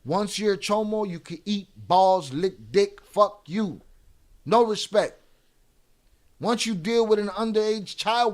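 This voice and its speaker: A man's voice: sits high, takes it slowly. A middle-aged man hosting a live stream, talking bluntly and profanely as he rants back at his chat. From United States.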